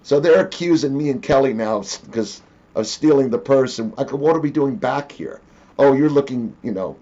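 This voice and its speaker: A man hosting an interview tells stories casually, animatedly acting out what the people in them said. His mid-range voice moves briskly, and the recording sounds lo-fi.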